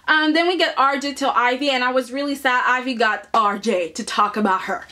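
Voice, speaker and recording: Higher-voiced woman chatting sassy about last night's soap ep, lots of "okay?". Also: a little fast, few pauses, bright, forceful tone. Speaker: soap opera recap vlogger. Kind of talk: casual recap commentary.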